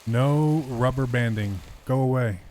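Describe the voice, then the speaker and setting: A man's voice: mid-range voice, measured pace, noisy background. A man streaming a survival game live, muttering running commentary to himself.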